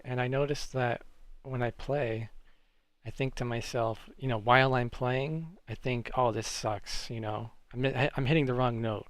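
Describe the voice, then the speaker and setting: A man's voice: mid-range voice, no room sound. A man streaming live, chatting casually with viewers and reacting to chat messages.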